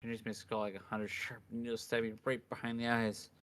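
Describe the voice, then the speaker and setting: A man's voice: mid-range voice, flat delivery, a little fast, a bit bright, dry recording. A man streaming a visual novel, reading its first-person narration aloud dramatically. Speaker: game streamer.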